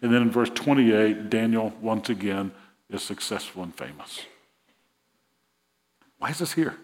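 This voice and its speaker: A man's voice: lowish voice, lively intonation, unhurried, darkish tone, long reverb tail. A man preaching a sermon, retelling a Bible story and acting out the king's words with rising emphasis. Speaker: pastor.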